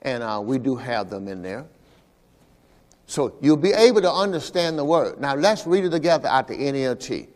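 A man's voice: mid-range voice, very animated, moderate pace, darkish tone, long reverb tail. A man, the pastor, preaching a sermon at a church service and calling for responses from the congregation. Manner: call-and-response preaching, repeating "all right" to the congregation.

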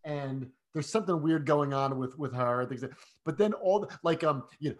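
Chatty man with a higher voice. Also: fast talker. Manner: animated, chatty, frequent restarts. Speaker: podcast co-host. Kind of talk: casual film discussion.

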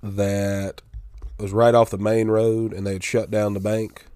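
A man with a drawl tells a story in a relaxed, deadpan way, with a fairly low voice. The mic sound is close and dry, with no room around him. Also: unhurried, smooth, dry recording. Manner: drawling, deadpan storyteller who acts out both sides of a quarrel. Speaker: podcast co-host. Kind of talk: casual storytelling chat.

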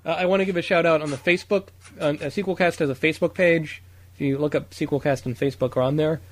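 A man hosting a podcast in a relaxed, easygoing way, with frequent fillers and hesitations. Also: a little high, quick pace, dry recording. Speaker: podcast host. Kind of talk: casual podcast chat.

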